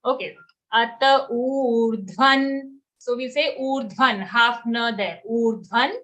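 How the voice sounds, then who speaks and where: A woman teaching an online recitation class over a video call, patient and clear. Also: fairly high pitch, unhurried, bright, forceful tone. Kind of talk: live online class, answering questions.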